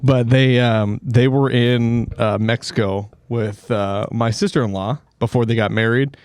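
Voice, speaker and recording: A man's voice: medium pitch, fairly even intonation, a little slow, a little mellow, clear, resonant tone, dry recording, studio quality. A man telling a story in casual podcast chat, rambling with many fillers and acting out the voices of the people in it. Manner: rambling, filler-heavy, acts out voices in his stories. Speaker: podcast host or guest.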